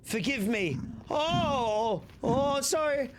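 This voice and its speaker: A man's voice: very high voice, drawn-out words. A young Australian man chatting casually to his stream chat, rambling and swearing freely. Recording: steady background noise.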